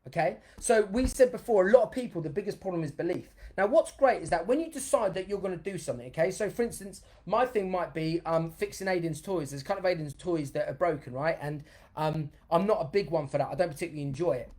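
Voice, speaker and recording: A man's voice: sits high, fast. Upbeat man leading a live session. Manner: energetic and chatty, reads viewer comments aloud mid-talk; bursts into loud cheers for emphasis. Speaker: dance educator hosting a live online session. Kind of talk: live-streamed motivational workshop.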